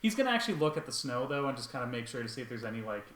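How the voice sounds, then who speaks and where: A man's voice: mid-range voice, sing-song, very fast, fairly bright tone. A man playing a tabletop role-playing game, describing his character's actions in a casual, rambling way full of fillers. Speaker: player. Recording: echoey room with faint noise.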